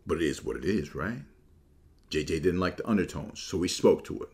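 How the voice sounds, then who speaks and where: A man giving a casual, opinionated sports monologue, shifting between relaxed talk and animated, mocking quotes. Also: sits low, fairly quick. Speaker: sports commentator.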